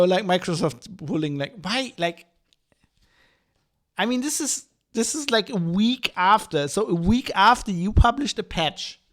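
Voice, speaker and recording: A man with a fairly high-pitched voice rants casually on his podcast. He is sarcastic and animated, with lots of fillers and restarts, and he keeps slipping into mocking impressions. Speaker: podcast host. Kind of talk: casual ranting commentary.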